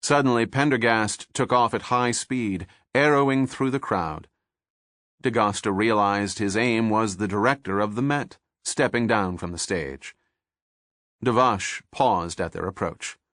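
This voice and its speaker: Low-voiced man narrating an audiobook. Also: unhurried, a bit bright, no echo, clean studio sound.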